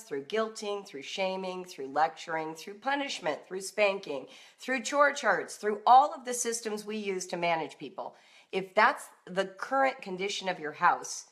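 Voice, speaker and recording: A middle-aged woman hosting a live-streamed talk for parents, animated and now and then acting out emotional outbursts in a raised voice. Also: medium pitch. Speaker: homeschooling author and host.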